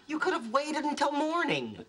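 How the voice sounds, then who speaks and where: A weary, sarcastic roommate. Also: male voice, sits high, very animated, fairly quick, slight background noise, exaggerated voice. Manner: dry, sarcastic, tired. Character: weary, sarcastic young male physicist roommate. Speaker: physicist roommate character. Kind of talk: sitcom acting. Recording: sitcom with loud audience laughter.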